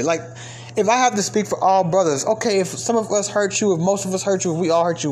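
A man delivering a heated, profane commentary rant, swinging between raised outbursts and low, exasperated muttering. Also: fast talker, slight background noise. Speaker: commentary vlogger. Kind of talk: ranting commentary monologue.

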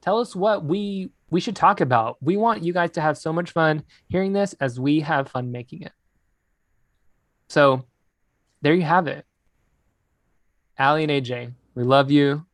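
A man's voice: a little high, a little slow, pauses often, no echo, clean studio sound. A man hosting a podcast in casual, upbeat chat, rambling and laughing often. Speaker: podcast host.

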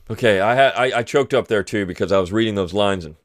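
A man's voice: on the low side, dry recording. Man, middle-aged, podcast host, sarcastic, mock-emotional, dry recording. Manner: mock-tearful, sarcastic pauses. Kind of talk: sarcastic political commentary.

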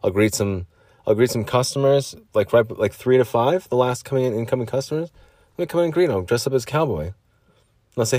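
A man's voice: medium pitch, animated, fairly quick, a little mellow, no echo, studio quality. A man hosting a solo podcast, rambling through stories and acting out little voices as he goes. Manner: rambling, acts out voices and whispers mid-story. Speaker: podcast host.

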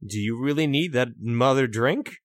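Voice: medium pitch, normal speed, no echo, clean studio sound. A podcast co-host riffing through improvised comedic worldbuilding, swearing freely and slipping into voices. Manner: profane, riffing, puts on voices.

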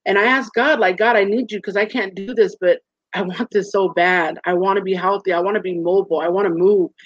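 A woman's voice: mid-range voice, fairly even intonation, brisk, no echo. A woman in her thirties, a guest in a candid interview, talking earnestly and animatedly and acting out voices in her stories. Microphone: video call. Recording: dull muffled lo-fi sound.

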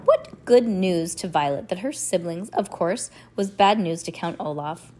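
A woman's voice: on the low side, lively intonation, unhurried, warm tone, a little hiss or hum. A woman reading a novel aloud, in a plain manner with frequent stumbles and restarts. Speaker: reader.

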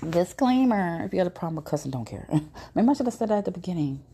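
A woman's voice: fairly low pitch, animated, quick pace, warm tone, breathy edge. A woman hosting her own podcast, telling personal stories in a blunt, profane, casual monologue. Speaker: podcast host.

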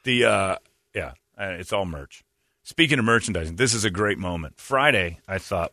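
A man hosting a radio show, telling a self-mocking story in casual chat, animated and quick to laugh. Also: low-pitched, no echo, clean studio sound.

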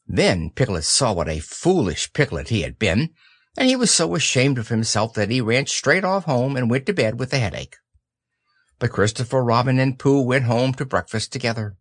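A man narrating a children's audiobook with slow, expressive storytelling. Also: mid-range voice, no room sound, clean studio sound.

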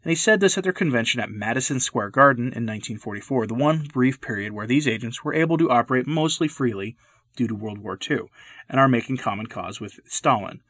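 A man delivering scripted commentary narration in a measured, deliberate way. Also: mid-range voice, lively intonation, a bit bright, no echo.

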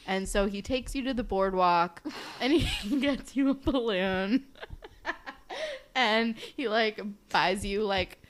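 A woman's voice: medium pitch, slow. A woman co-hosting a podcast, improvising a playful story with lots of fillers. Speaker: podcast co-host. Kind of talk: casual chat.

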